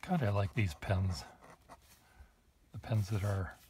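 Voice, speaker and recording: Slow, low-voiced man musing over pens. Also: very noisy. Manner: musing, unhurried, thinks aloud with small asides. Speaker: pen collector demonstrating nibs. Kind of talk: casual show-and-tell to camera. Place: at a desk writing with pens.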